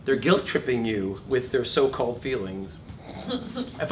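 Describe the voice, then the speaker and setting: A middle-aged man teaching an acting class in a lively, profane manner, acting out shouted examples. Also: moderate pace. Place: classroom or studio. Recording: distant room recording with background rumble.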